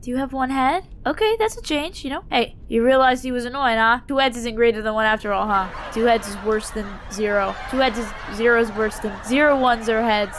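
A woman's voice: on the high side, a little fast, few pauses, slight background noise. A young woman commentating her own horror game playthrough, dramatic and jokey, shrieking when startled. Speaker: gaming YouTuber. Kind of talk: let's play commentary.

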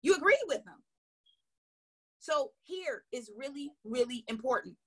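A woman sales coach giving an energetic, emphatic motivational training talk. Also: sits high, unhurried. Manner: energetic, emphatic, acts out little dialogues.

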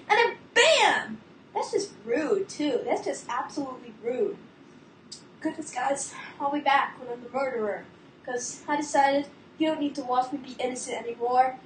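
Woman, YouTuber, gameplay commentary, excitable, dramatic groans, echoey room, faint hiss. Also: high-pitched, measured pace. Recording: roomy, distant mic.

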